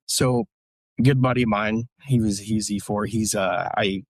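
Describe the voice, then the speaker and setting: Veteran guest, male, lowish voice, dry sound, profane plain-spoken storyteller. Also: fairly even intonation, a little slow, dry recording. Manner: profane, blunt war stories with many fillers. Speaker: podcast guest, military veteran. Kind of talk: casual storytelling.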